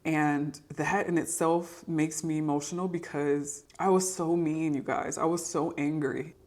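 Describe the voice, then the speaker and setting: A woman's voice: low voice, steady tone, a little slow, darkish tone. A young adult woman sharing a personal faith testimony to camera, earnest and encouraging. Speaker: podcast host sharing testimony. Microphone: camera mic.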